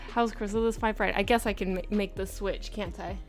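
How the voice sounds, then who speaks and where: A woman's voice: medium pitch, fairly even intonation, a little fast. A woman art streamer chatting casually on a livestream, bubbly and giggly as she greets her viewers. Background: faint background music.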